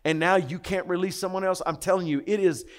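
A man's voice: high-pitched, fairly even intonation, brisk. A man preaching a sermon, impassioned and emphatic, with frequent repetitions. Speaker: pastor.

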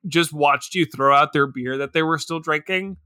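A high-pitched man with a bright, sharp edge chats about a movie in a loose, comic way. He laughs easily and piles up filler words. The sound is dry and close, with no room around it. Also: normal speed, smooth, no room sound. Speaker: podcast co-host. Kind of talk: casual comedic movie chat.

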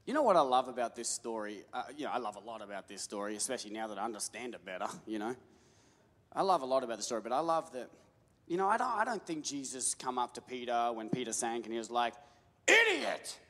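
A male pastor preaching a sermon, building to shouts and calling on the crowd to answer back. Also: medium pitch, animated, quick pace. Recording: long hall reverb.

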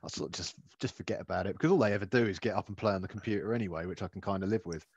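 A man's voice: low voice, very fast, husky, no echo, lo-fi sound. A man co-hosting a casual chat, rambling and self-deprecating as he talks about parenting. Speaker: podcast co-host.

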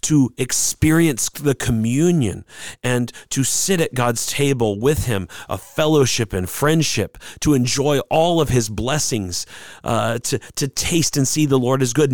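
A man preaching a sermon in an earnest, pausing way, sometimes acting out quoted lines. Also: mid-range voice, no room sound, studio quality. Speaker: pastor.

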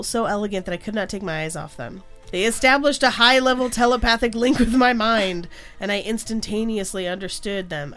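A woman's voice: medium pitch, fairly bright tone. A woman hosting a podcast, reading an odd story aloud and mocking it between bursts of laughter. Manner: frequent laughter, mocking asides. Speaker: podcast host. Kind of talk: casual chat, reading a text aloud.

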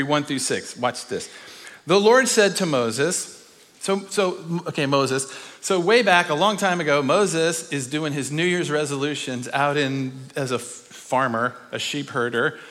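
An animated man delivers a sermon, firing off rhetorical questions and now and then slipping into voices to act out the story. His voice sits a little high for a man. The sound carries a long reverb, as in a big hall. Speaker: speaker. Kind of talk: sermon teaching.

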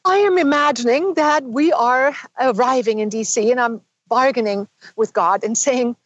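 A woman guest in an interview, telling a long personal story in an animated way and acting out the quoted dialogue. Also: a little high, normal speed, no room sound, poor audio. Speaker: guest author.

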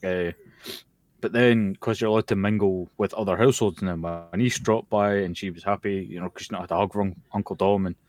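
A man's voice: low voice, steady tone, fairly quick, a little mellow, no room sound. A Scottish man co-hosting a podcast in casual chat, swearing often and sounding tired, talking over a voice call. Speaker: podcast co-host. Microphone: computer mic over a voice call.

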